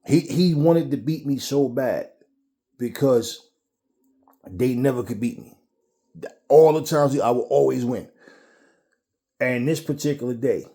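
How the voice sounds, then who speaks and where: Male host, mellow mid-pitched voice, casual profane storyteller who rambles. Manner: profane, rambling, repeats words. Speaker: boxing channel host.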